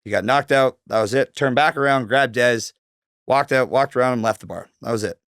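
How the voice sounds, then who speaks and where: A Canadian man in his thirties, a guest in a casual storytelling interview, swears often and peppers his speech with "like" and "um." His medium-pitched voice is a bit bright and a little fast, recorded clean in a studio with no room sound.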